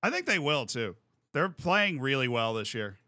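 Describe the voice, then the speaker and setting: Bright-voiced American man chatting. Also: mid-range voice, sing-song, moderate pace, no room sound, clean studio sound. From United States. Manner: rambling, self-interrupting, playful. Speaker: streamer host. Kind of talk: casual chat.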